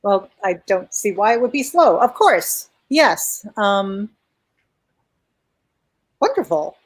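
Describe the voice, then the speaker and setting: A woman's voice: medium pitch, very animated, slow pace, slightly rough, poor audio. A woman playing a new president in a tabletop role-play, speaking hesitantly with many fillers. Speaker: player.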